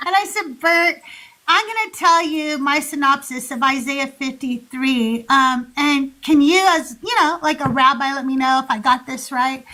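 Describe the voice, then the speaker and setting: Woman, high voice, bright tone, casual podcast chat, swears a lot, acts out quotes. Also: moderate pace, poor audio. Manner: animated storyteller, swears freely, acts out quotes. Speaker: co-host.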